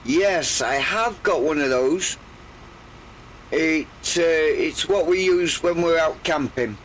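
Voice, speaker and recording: Slow-talking older man, croaky. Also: on the high side, fairly bright tone, slight background noise, poor audio. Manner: rambling, hesitant, full of pauses. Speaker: game streamer. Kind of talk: relaxed live gameplay chat.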